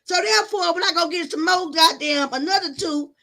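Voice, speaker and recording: A middle-aged woman vlogger, telling a story to her viewers in a loud, profane, animated way with sudden shouts. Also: very high-pitched, a little fast, gravelly, few pauses.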